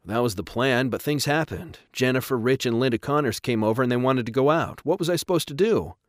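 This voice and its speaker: A defensive teenage boy, put on by a male narrator, protests in a raised, strained voice that sits well above the reader's own low tone. His delivery is louder and pushier than the surrounding narration. The recording is close and dry. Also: expressive, a little fast, no room sound, lightly acted. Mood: upset protest.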